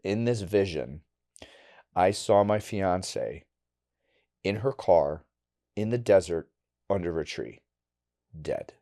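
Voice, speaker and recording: A middle-aged man from Wisconsin, a podcast guest telling a personal story candidly and bluntly, going quiet and halting on hard memories. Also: low voice, lively intonation. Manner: candid and blunt, with casual swearing.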